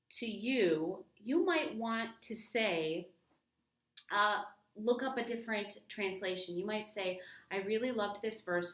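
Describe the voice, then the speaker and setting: A woman's voice: mid-range voice, fairly bright tone. Woman teaching Bible study in a roomy space. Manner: conversational, stresses single words of a verse. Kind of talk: casual devotional teaching. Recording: roomy, from a distance.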